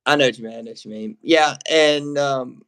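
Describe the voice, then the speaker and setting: A man's voice: medium pitch, fairly quick, fairly bright tone, smooth. A man co-hosting a wrestling reaction stream in casual, rambling chat, swearing freely. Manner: rambling, profane, laughs while talking. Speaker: wrestling show co-host.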